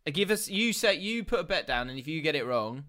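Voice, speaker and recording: A man's voice: on the high side, sing-song, fairly quick, sharp tone. A man hosting a podcast, bantering casually, laughing often and swearing freely. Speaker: podcast host.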